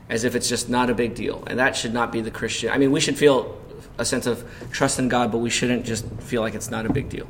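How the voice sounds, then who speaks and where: In his sermon, a pastor with a mid-range voice and fairly even intonation moves briskly with hardly any pauses, over a slight hiss or hum. He tells a personal story conversationally, questions the congregation, and shouts quoted panic in acted form.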